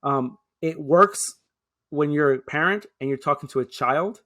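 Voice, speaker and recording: A man's voice: a little high, a little slow, bright, forceful tone. A man, a guest making emphatic points in a conversational interview and checking in with "right?" as he goes. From Queens, New York. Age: 30s. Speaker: guest, public affairs officer.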